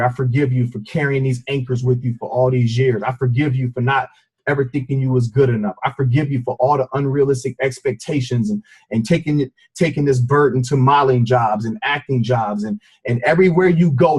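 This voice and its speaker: A middle-aged man with a husky, slightly breathy voice tells a deeply personal story with earnest intensity. His pitch sits in the middle range, and he speaks as a guest addressing a team over a call. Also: darkish tone. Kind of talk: emotional personal testimony. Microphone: conference call.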